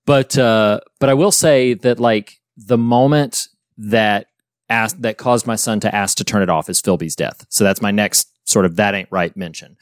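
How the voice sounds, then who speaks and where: Co-hosting a podcast, a man with a fairly low, clear and resonant voice discusses a horror film at normal pace in a loose, casual way, often using fillers and restarting sentences. It's studio quality with no room sound.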